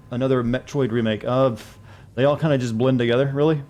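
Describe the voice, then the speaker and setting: A man's voice: mid-range voice, fairly even intonation, fast talker, a little mellow. Rambling joking male game streamer. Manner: rambling, joking, self-deprecating. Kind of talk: casual gameplay commentary.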